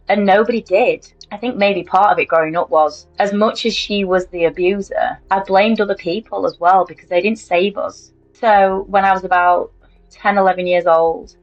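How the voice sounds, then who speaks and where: A woman's voice: medium pitch, fairly even intonation, normal speed, lo-fi sound, faint music behind. A woman, candidly recounting her own story in an interview, in a chatty way with many fillers.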